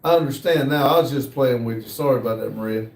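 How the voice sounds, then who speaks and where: An American man hosting a livestream, casually reading viewer comments aloud in an easygoing, hesitant way with many pauses. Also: medium pitch, gravelly, a little mellow, recorded from a distance. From United States. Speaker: livestream host. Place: workshop building near a shop area. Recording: roomy sound, voice from off the mic.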